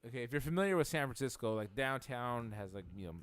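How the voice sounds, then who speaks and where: A man's voice: medium pitch, expressive, quick pace, fairly bright tone, smooth, dry recording, clean studio sound. A young man co-hosting a podcast, telling a profane, laid-back story in casual chat. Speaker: podcast co-host.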